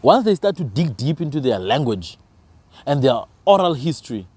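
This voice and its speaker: A man's voice: medium pitch, sing-song, normal speed, a little mellow, breathy edge, dry recording. A man from Africa, arguing his views with emphatic rhetorical questions in a passionate podcast conversation. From South Africa.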